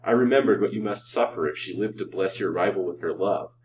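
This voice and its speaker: A man voicing a cold, scheming doctor who speaks calmly and with a sneer, in a storybook reading. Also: sits low, brisk, distant mic, slight background noise, lightly acted, low-quality recording.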